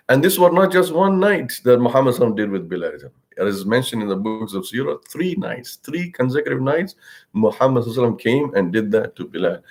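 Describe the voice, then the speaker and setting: A man giving a religious lesson as a story, in a conversational way with many "you know" fillers, acting out the quoted speech. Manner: acts out quoted speech with big pitch swings. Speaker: religious teacher.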